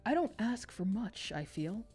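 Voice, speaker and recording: A woman's voice: mid-range voice, sing-song, a little slow, a little mellow, slightly rough, faint music behind, full character voice. A woman reading the lines of a domineering, passive-aggressive middle-aged father aloud from a game. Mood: condescending. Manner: lecturing, condescending.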